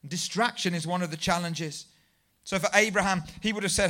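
A man preaching to a congregation, animated and self-deprecating as he tells a story. His voice sits high and sounds bright and ringing. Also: a little fast. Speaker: pastor. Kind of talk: sermon.

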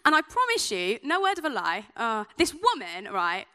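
Bright, lively woman preaching. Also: a little high, moderate pace, smooth. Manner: chatty, self-deprecating storytelling. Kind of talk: sermon with personal stories.

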